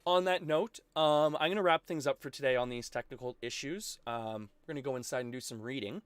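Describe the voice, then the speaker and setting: A Canadian man giving live commentary on his own gameplay, excitable and quick to laugh, shouting at big plays. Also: mid-range voice, clean tone, no echo, clean studio sound. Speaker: streamer. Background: game music.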